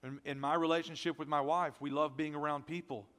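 A male pastor delivering a lively sermon in an easy, conversational way, with jokes at his own expense. His voice sits higher than most men's and is not deep. It rings with the long reverb of a large hall. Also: fairly quick. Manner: energetic, conversational preaching with self-deprecating asides.

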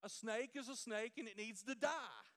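A man preaching a sermon through folksy, emphatic, animated stories. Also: extremely high pitch, normal speed, no room sound. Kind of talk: storytelling sermon.

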